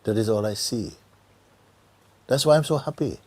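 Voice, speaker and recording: A middle-aged man giving a gentle satsang talk as a spiritual teacher, often dropping to a near whisper and laughing easily. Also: on the low side, animated, moderate pace, slight background noise. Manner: laughs easily, joyful and earnest.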